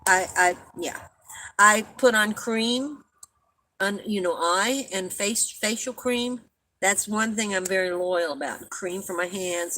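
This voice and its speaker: A woman's voice: mid-range voice, sharp tone, poor audio. An older woman hosting a casual live-stream chat, rambling and chatty, laughing at her own stories and coughing often.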